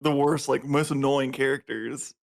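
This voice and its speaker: A man's voice: medium pitch, steady tone, moderate pace, vocal fry. A young man on a podcast as a guest, chatting casually, laughing often and stumbling through his sentences. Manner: laughs often, hesitant with restarts. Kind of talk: casual chat.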